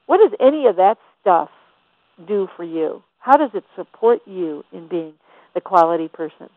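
A woman's voice: fairly low pitch, animated, moderate pace, dry recording. A woman giving a faith-based motivational talk, emphatic and full of rhetorical questions. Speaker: motivational teacher. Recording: tinny phone-like dry sound.

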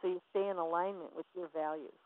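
A woman's voice: lowish voice, fairly even intonation, fast, a little hiss or hum. A woman business coach giving a passionate, emphatic motivational teaching talk. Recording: tinny phone line.

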